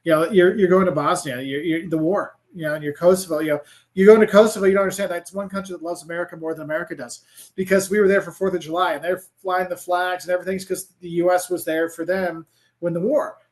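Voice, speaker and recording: The high-pitched, fast voice belongs to a middle-aged travel creator and professor, a guest in a casual interview. He rambles animatedly, constantly saying "like" and restarting sentences.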